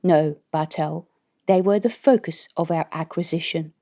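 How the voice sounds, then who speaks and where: Stern female army colonel, audiobook, measured and grave, lowish mellow voice, read by a woman.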